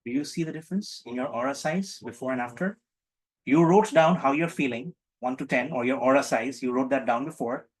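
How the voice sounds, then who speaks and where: A man with a mid-range voice leads an online group healing session over a video call, speaking fairly quickly. He's playful and teacherly, repeating his questions to the group as he prompts them.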